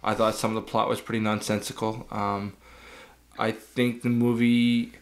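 A man's voice: lowish voice, level tone, normal speed. A young man co-hosting a movie review podcast, dry and blunt, with a teasing streak. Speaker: podcast co-host. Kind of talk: casual movie review chat.

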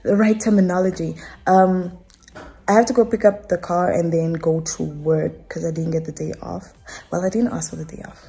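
In a casual home vlog, a young woman with a Namibian accent speaks to camera, emotional and meandering, with fillers and restarts. Her voice is low-ish, warm and creaky, steady in tone at a moderate pace, with faint music behind.

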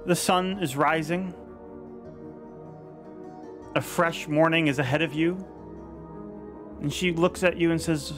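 A man serving as dungeon master, narrating a tabletop game with vivid description and slowing down for dramatic moments, on a headset over a video call. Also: on the high side, steady tone, over music.

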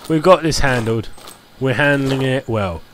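A man's voice: mid-range voice, a little slow, fairly bright tone, slight background noise. Chatty man rambling over gameplay. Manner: rambling, chatty, lots of "like" fillers. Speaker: gameplay commentator. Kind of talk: casual gameplay commentary.

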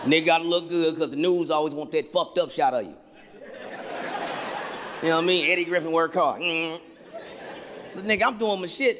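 High-voiced profane man doing stand-up. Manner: profane, animated, acts out characters. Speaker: stand-up comedian. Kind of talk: stand-up storytelling. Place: theater stage before a laughing audience. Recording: live hall with long reverb, faint noise.

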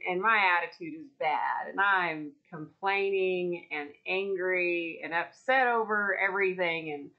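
A woman's voice: on the low side, sharp tone, muffled recording. A middle-aged woman gives an earnest personal faith testimony and laughs often as she tells it. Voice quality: earnest, laughs often while telling stories. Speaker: Christian singer and minister.

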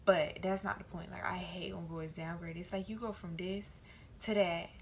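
A young woman vlogging casually to her camera, telling animated stories and acting out the voices of the people in them. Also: on the low side, moderate pace, vocal fry, slight background noise. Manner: animated storytelling, quoting voices.

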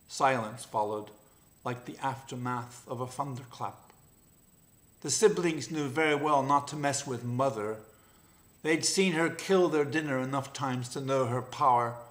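A man narrating an animal fable in an even, unhurried storybook reading. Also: medium pitch.

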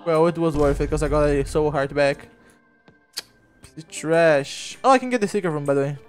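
Male game streamer, high voice, rambling casual chat with loud outbursts, faint background music. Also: moderate pace. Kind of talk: casual gameplay livestream chat.

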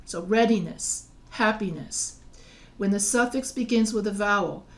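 A woman's voice: mid-range voice, a little mellow. A woman teaching writing, explaining spelling rules patiently, often restarting and spelling words out letter by letter. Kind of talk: recorded lecture over slides.

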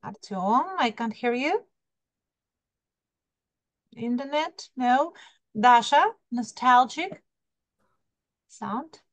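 A woman's voice: on the high side, animated, drawn-out words, long pauses, no echo. A woman teaching an English class online over a video call, coaxing her students and calling on them by name while repeating key words.

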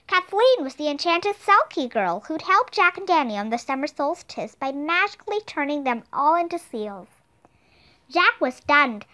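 A woman narrating a children's storybook aloud in an expressive, clear manner. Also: high-pitched. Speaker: audiobook reader.

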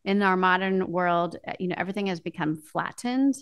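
A woman's voice: on the low side, brisk, clear, resonant tone. A woman author being interviewed, explaining ideas thoughtfully with many fillers. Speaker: author and guest. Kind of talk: casual interview chat.

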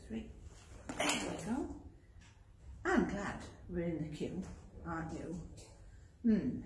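A woman leading a children's library rhyme session, singing action songs and coaxing little ones along in a lively, playful sing-song. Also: lowish voice, far from the mic. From England. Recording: echoey room, voice away from the mic, noticeable background noise.

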